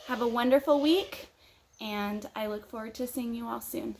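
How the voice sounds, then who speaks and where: A woman leading children's story time at church with expressive storytelling. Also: on the high side, normal speed, gravelly, slight background noise, rough recording.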